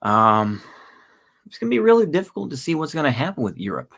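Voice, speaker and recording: A man in his thirties with a Texan accent, talking casually to his livestream chat in a rambling, halting way with many restarts. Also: on the high side, wildly swooping pitch, creaky, fairly bright tone. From Texas.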